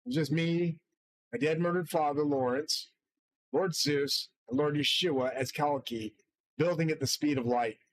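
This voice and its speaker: A man's voice: on the high side, unhurried, low-quality recording. A man hosting his own channel, delivering a rambling, profane and grandiose solo monologue from his studio. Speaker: channel host.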